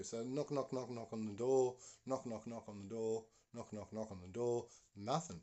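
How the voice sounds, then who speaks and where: A man's voice: fairly low pitch, moderate pace, hardly any pauses, mellow. A man hosting a podcast, telling a story casually and rambling with lots of fillers. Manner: rambling, full of "you know" fillers. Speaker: podcast host.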